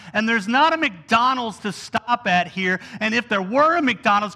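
A male preacher with a high, bright, ringing voice. He tells the story in an animated way and slips into whiny voices when he quotes the people. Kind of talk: sermon.

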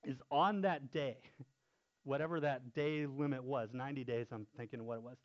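A man's voice: mid-range voice, moderate pace. A man, a youth pastor, telling a story in casual talk and laughing often as he goes. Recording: dull lo-fi sound.

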